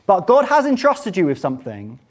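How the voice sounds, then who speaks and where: A man's voice: wildly swooping pitch, fairly quick. Earnest man preaching a sermon. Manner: earnest, uses rhetorical questions; rises and falls in pitch for emphasis.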